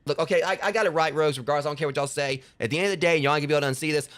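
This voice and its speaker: A man's voice: fairly high pitch, racing, fairly bright tone. A male live streamer chatting casually with his viewers in a rambling, joking way.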